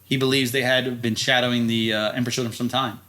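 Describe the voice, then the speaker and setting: Bright-voiced man recapping a story. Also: mid-range voice, little pitch movement, quick pace. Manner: loose, profane storytelling with frequent laughs. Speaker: podcast co-host. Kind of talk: casual recap chat.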